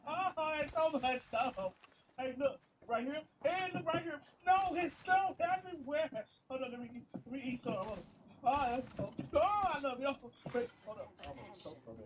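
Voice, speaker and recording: A woman voicing a cheeky, excitable pet animal that keeps up a sassy, bossy running commentary. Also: sits high, moderate pace, rough recording. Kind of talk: comic pet voice-over. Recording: home video with clear background noise.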